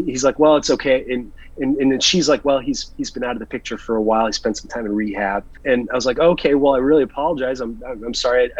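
Husky man telling a story. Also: mid-range voice, dry recording, dull audio. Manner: animated storyteller, acts out dialogue. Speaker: guest. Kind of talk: casual anecdote telling.

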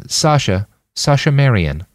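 A man's voice: mid-range voice, big pitch swings, unhurried, dry recording, clean studio sound, voice pushed up. Man voicing a wary young woman. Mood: polite. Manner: hesitant and careful.

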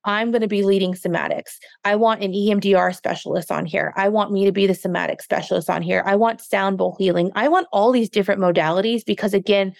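A woman's voice: mid-range voice, quick pace, vocal fry, hardly any pauses, no echo. Earnest, passionate woman podcast guest. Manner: earnest, passionate, openly emotional. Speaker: guest, fitness coach and business owner. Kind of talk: podcast interview.

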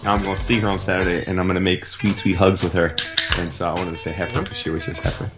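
A man co-hosting a podcast, telling a crude story in an animated, casual way and swearing freely. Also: low voice, very fast, over music. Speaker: podcast co-host.

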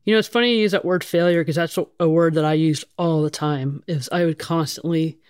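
A woman's voice: low-pitched, a little fast, a little mellow, clean tone, dry recording, clean studio sound. A middle-aged woman, a firefighter, telling her story frankly in an interview, swearing casually and restarting her sentences often. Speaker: guest, firefighter.

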